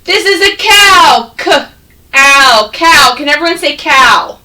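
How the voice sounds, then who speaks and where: A woman teaching first graders an online phonics lesson, patient and encouraging, sounding words out slowly. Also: very high-pitched, animated, sharp tone, far from the mic, rough recording.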